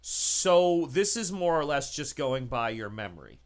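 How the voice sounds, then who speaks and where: A man narrating a tabletop game as game master, relaxed and chuckling, with frequent fillers. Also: mid-range voice, unhurried.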